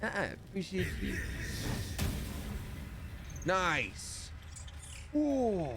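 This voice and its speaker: A man's voice: medium pitch, very animated, normal speed, noisy background. A man in his thirties chatting casually while playing a video game live, reading chat aloud and slipping into playful voices.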